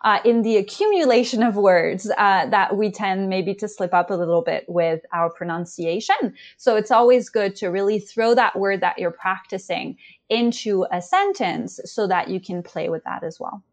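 A woman's voice: mid-range voice, moderate pace. A woman co-hosting an English-learning podcast, explaining grammar rules carefully with small hesitations. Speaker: English teacher co-host. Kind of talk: educational podcast chat.

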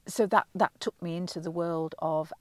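A woman's voice: fairly low pitch, steady tone, moderate pace, no echo. A middle-aged woman from England, a vocal coach, answering interview questions in a thoughtful, explanatory way with frequent ums and self-corrections.

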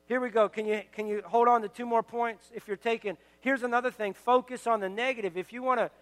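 Pastor, male, very high and bright, earnest exhorting sermon delivery, long hall reverb from the church sanctuary. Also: fairly even intonation, quick pace. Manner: earnest, exhorting, building to emphatic declarations.

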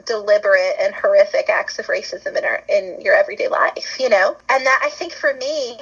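A woman talking as a guest on a podcast about storytelling, earnest and reflective, with quick laughs. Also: mid-range voice, gravelly, fairly bright tone, husky, dull audio. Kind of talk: casual conversation.

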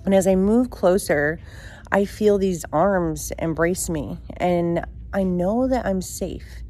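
A woman telling a personal childhood story in the present tense, halting and emotional, with many fillers and restarts. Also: lowish voice, warm tone.

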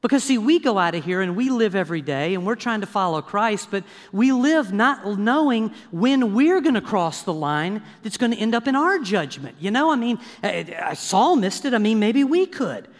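A man preaching a sermon as pastor, lively and conversational, checking in with the congregation with frequent asides. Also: sits high, moderate pace, few pauses. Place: church sanctuary. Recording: long hall reverb.

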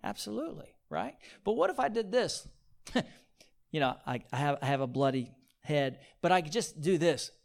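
A man preaching with a fairly high voice, calling out for amens from his listeners. He drops to near-whispers for key points, then rises into loud, repeated pleas as he acts out his illustrations. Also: very animated, normal speed, creaky. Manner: swings from quiet, near-whispered points to loud, pleading repetition; call-and-response, asking the audience for amens. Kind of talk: sermon.

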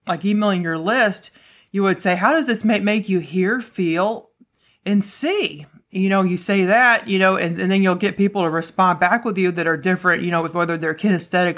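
A woman hosting her own podcast, talking fast in a solo monologue, with a slight stutter and frequent restarts. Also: mid-range voice, a bit bright. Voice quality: stutters at times. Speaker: podcast host.

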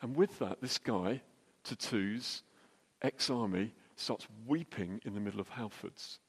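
A middle-aged man telling a jokey, anecdotal story as a church speaker, with quick restarts. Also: on the low side, breathy edge. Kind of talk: storytelling sermon. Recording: long hall reverb.

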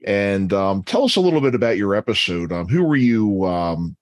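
Man, host, low pitch, dry sound, hesitant, casual chat. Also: sing-song, normal speed, no echo. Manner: hesitant, many fillers.

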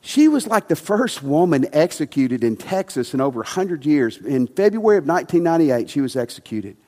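Male pastor, sermon delivery, emphatic, a little high voice, reverberant sanctuary. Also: big pitch swings, a little fast. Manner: emphatic, rising to passionate preaching then dropping soft. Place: church sanctuary.

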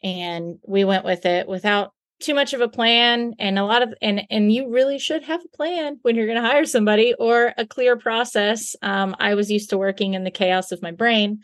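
A woman business owner chats as a podcast guest, quick and self-deprecating and ready to laugh at herself. Her pitch is middling and her voice is recorded close, dry and clean. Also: no room sound. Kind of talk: casual conversational chat.

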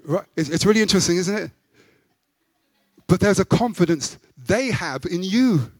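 A man preaching a sermon as pastor, emphatic, with loud rising peaks. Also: sits high, lively intonation, moderate pace, no room sound.

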